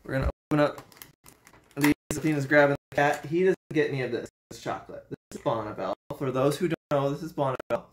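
Very low-voiced chatty woman vlogger. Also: fast talker, slight background noise. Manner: chatty, jokey, rambling with restarts. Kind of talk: casual candy taste-test vlog.

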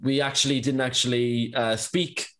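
A man's voice: medium pitch, steady tone, moderate pace, fairly bright tone. Chatty young Irish man telling stories. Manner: rambling, filler-heavy anecdotes with lots of "like". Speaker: podcast guest. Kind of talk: casual storytelling chat.

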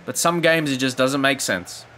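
A man commentating his own football video game session, ranting in frustration with sarcastic asides and sudden excited exclamations. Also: medium pitch, moderate pace. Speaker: gaming YouTuber. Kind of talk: gameplay commentary.

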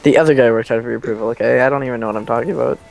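A man's voice: medium pitch, racing, vocal fry, slight background noise. A young man hosting a multiplayer strategy game session, rambling and joking in casual banter. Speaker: let's play host.

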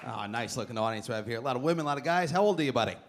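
A man's voice: mid-range voice, expressive, racing. A man doing a stand-up set on a comedy club stage, brash and teasing the crowd with punchlines. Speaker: stand-up comic. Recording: live club recording with crowd noise. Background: audience noise and laughter.

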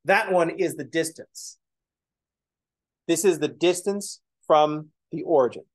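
Joking male math lecturer, higher voice. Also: a little slow. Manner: joking, self-deprecating asides while explaining. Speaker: math instructor. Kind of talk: casual lecture at a whiteboard.

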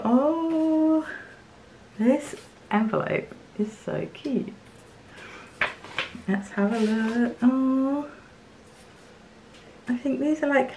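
Slow, gushing young woman vlogger. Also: medium pitch, creaky, a little hiss or hum. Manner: gushing, excitable, chatty with fillers and little laughs. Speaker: craft vlogger. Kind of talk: casual unboxing chat to camera. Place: home craft studio, indoors.

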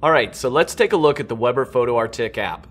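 A male speech-language pathologist walks through a product from a script, explaining each step steadily like an instructor. He speaks quickly at an ordinary middle pitch.

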